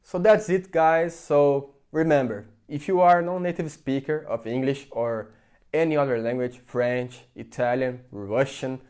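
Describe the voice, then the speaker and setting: A man's voice: mid-range voice, fairly even intonation, measured pace, a little mellow, smooth. A young man from Brazil, speaking English with a Brazilian Portuguese accent, giving an earnest, chatty opinion to his viewers with lots of "like" fillers. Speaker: vlogger. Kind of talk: casual opinion talk to camera.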